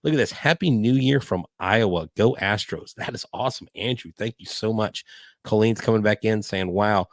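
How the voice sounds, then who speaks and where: An older man hosting a live podcast, talking in a hyper, rambling way. His voice sits a little low, and the sound is dry and close. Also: normal speed, no echo. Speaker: podcast host. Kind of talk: live-stream casual chat.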